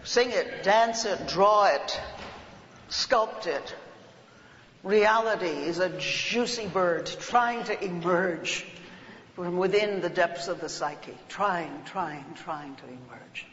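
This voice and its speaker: A woman giving a workshop lecture, telling stories with lively chants and voices. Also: on the low side, slow, a little hiss or hum. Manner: animated storytelling, breaks into chants and voices. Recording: echoey hall, dull lo-fi sound.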